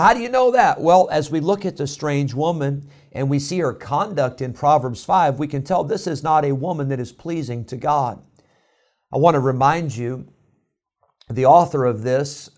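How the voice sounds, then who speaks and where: A man preaching a sermon, emphatic and building to loud exhortation, with a tickle in his throat. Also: medium pitch. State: throat-clearing, coughing. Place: indoor room.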